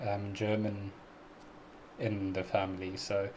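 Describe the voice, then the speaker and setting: A man's voice: fairly low pitch, completely flat delivery, slow pace, darkish tone, slight background noise. A young man with an Afrikaans accent, native Afrikaans speaker, hosting a live stream Q&A, friendly and chatty with frequent laughs and fillers. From South Africa. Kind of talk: casual live-stream Q&A chat.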